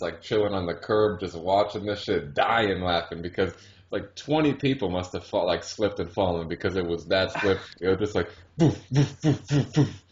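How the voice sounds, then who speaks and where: A man with a very deep, low voice tells stories in a relaxed, slangy way, full of swearing. He sounds roomy and echoey, and the recording is dull and lo-fi. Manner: laid-back, profane storyteller. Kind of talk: casual chat.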